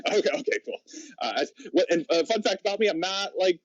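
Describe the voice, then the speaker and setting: A man's voice: sits high, lively intonation, brisk, no echo. A man guesting on a podcast, telling a long story in a rambling way, laughing often and restarting his sentences. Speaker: guest, pro wrestler. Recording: slightly muffled audio.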